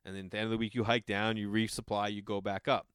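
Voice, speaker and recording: A man's voice: lowish voice, little pitch movement, quick pace, fairly bright tone, clear, resonant tone, no room sound, clean studio sound. A man telling a rambling story in a casual way, with lots of fillers and some swearing.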